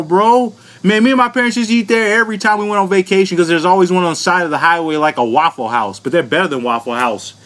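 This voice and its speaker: High-voiced man ranting with profane mockery. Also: a bit bright. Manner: profane, mocking, laughing, talks down to viewers. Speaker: vlogger. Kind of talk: comedic commentary rant.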